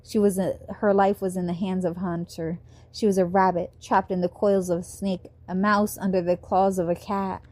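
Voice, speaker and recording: A woman reading a novel aloud as an amateur audiobook narrator, recorded on a phone, with steady, even storytelling. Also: on the low side, moderate pace, no room sound.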